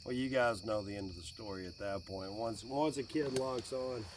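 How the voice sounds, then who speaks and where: A man's voice: on the low side, normal speed, distant mic, noisy background. Man in his late 40s, rambling campfire chat, joking, a bit off-mic, crickets faintly behind. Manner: rambling, joking, animated when quoting his kid. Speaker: vlogger. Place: outdoors by a fire at night with crickets.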